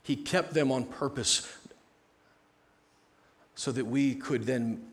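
A man preaching a sermon as pastor in a conversational way, often dropping to a soft, hushed tone. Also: mid-range voice, fairly even intonation, slow pace. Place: church sanctuary.

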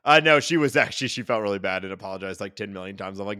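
A man's voice: on the low side, animated, racing, bright, forceful tone, no echo. A man in his thirties co-hosting a casual podcast, joking about himself in a dry, self-mocking way. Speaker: podcast co-host. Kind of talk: casual chat.

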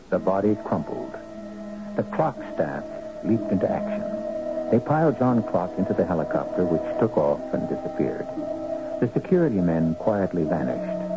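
A grave male narrator from a 1970s radio mystery. His voice is deep and gravelly, with wide, dramatic pitch swings. Clear music plays under him on a dull, lo-fi broadcast.

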